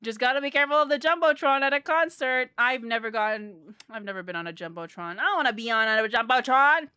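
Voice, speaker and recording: A woman's voice: a little high, lively intonation, fast talker, hardly any pauses, bright, forceful tone, clean tone, no room sound, studio quality. A woman streamer chatting casually to her viewers, bubbly and giggly, rambling with lots of fillers. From Philippines. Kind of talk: casual live-stream chat.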